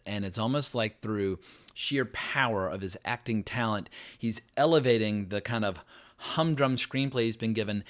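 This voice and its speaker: A man's voice: fairly low pitch, fairly bright tone. A middle-aged man hosting his own film review channel, giving a blunt, emphatic and sarcastic verdict on a new show. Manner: sarcastic asides. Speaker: film critic, channel host. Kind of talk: opinionated video review.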